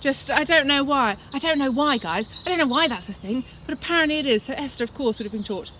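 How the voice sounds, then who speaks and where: A woman's voice: high-pitched, lively intonation, quick pace, noisy background. Playful woman teaching kids in the woods. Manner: playful, encouraging, speaks directly to children. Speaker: children's church leader. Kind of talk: children's activity lesson and storytelling. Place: outdoors in woodland. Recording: outdoor recording with birdsong behind.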